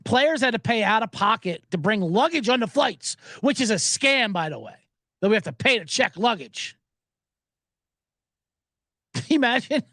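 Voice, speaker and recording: A man's voice: high voice, big pitch swings, unhurried, long pauses, sharp tone, no room sound, studio quality. Profane rambling sports betting host, man. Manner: profane, joking, rambling asides. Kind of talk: casual rambling commentary.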